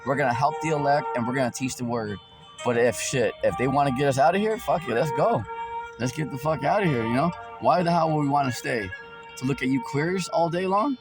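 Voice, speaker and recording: A man's voice: medium pitch, a little fast. A man preaching as a street preacher in a ranting, mocking tone full of slang and swearing. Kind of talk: ranting religious commentary. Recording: loud background music.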